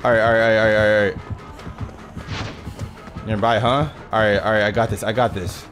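A man's voice: on the low side, little pitch movement, brisk. A young man doing nervous let's-play commentary, swinging between muttered self-talk and shrieks and cursing a lot. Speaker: gaming YouTuber. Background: game music.

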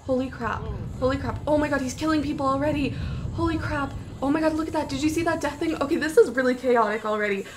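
A young woman giving excitable, panicky gameplay commentary, full of gasps and exclamations. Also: sits high, fast, noisy background. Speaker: gaming YouTuber.

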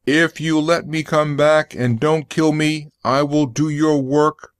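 A man's voice: fairly high pitch, steady tone, slow pace, clean tone, no echo, clean studio sound, pitched above the performer's own voice. A man putting on a childlike, pleading robot.

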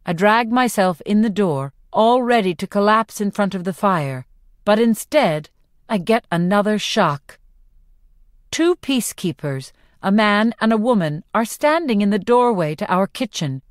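A woman narrating a novel in the first person, with clear, expressive storytelling. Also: medium pitch, unhurried, dry recording, studio quality. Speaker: audiobook narrator.

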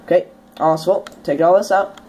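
Young woman, gameplay commentary, chatty, excitable, sudden startled shrieks, fairly low voice, faint keyboard clatter. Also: normal speed, slight background noise. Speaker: let's play host.

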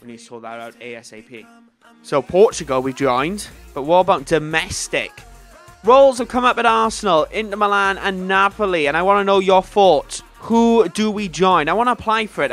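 A young man calls the action of a football video game in an upbeat, excitable voice, addressing his viewers directly. His voice sits high, with faint music playing underneath. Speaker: gaming video host. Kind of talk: game commentary.

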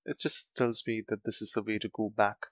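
A man's voice: lowish voice, flat delivery, a little fast, fairly bright tone, dry recording, rough recording. A man hosting a let's play, thinking aloud in casual gameplay commentary. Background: game music.

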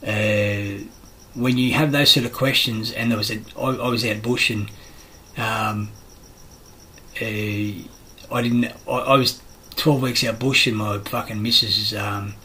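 A man's voice: fairly low pitch, steady tone, measured pace, bright, forceful tone, a little hiss or hum, low-quality recording. A middle-aged Australian man in a rambling, profane monologue, blunt and aggrieved, swearing constantly.

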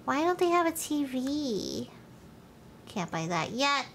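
High, lively-voiced woman streamer. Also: slow, vocal fry, a little hiss or hum. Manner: chatty, talks to the game characters, swears playfully. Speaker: live streamer. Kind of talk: live gameplay commentary.

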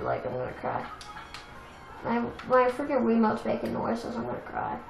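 A young woman casually commenting on a racing game she plays, chatty and self-deprecating, with excitable outbursts. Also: a little high, moderate pace, vocal fry. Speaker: let's play gamer. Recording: echoey room with game music.

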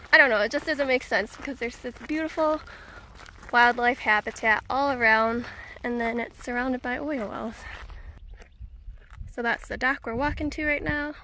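High, bright, chatty woman outdoors. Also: a little hiss or hum. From Minnesota. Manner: chatty, laughs often, coaxes the dog. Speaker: vlogger. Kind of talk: casual travel vlog narration. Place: outdoors by a lake.

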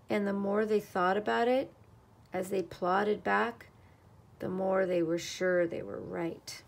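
A woman reads a picture book aloud in an expressive storytelling voice. She takes her time with dramatic pauses, and her mid-pitched voice has a gravelly edge.

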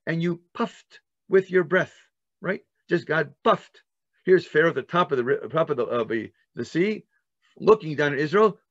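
A man's voice: a little high, no room sound, muffled recording. An older man teaching a Torah class as a rabbi, acting out words with his breath and asking questions he then answers himself. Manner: animated, enacts words with breath and gasping sounds. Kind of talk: Torah lesson.

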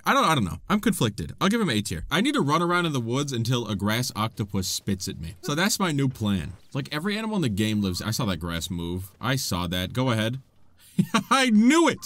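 Man with a wildly swinging pitch. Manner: excitable, playful, chats to the monsters on screen. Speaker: gaming YouTuber. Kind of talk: gameplay commentary.

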